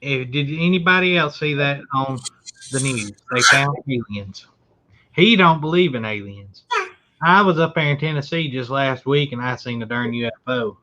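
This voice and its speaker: A man's voice: medium pitch, moderate pace, bright, forceful tone, a little hiss or hum. A man hosting a casual chat, folksy and joking. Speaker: host. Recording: dull lo-fi sound.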